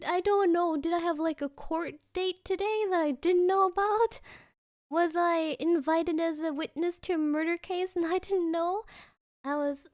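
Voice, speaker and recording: A young woman streamer at home, telling a story in casual chat, excitable and laughing often, with lots of fillers. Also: very high voice, no room sound, clean studio sound. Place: at home, creaky floor.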